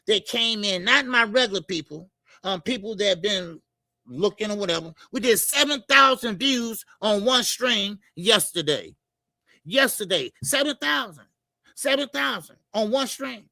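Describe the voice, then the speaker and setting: A man hosting a casual boxing livestream, greeting viewers by name and repeating "yes sir" and "all right" between shout-outs. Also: high voice, gravelly, no echo. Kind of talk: casual live-stream chat.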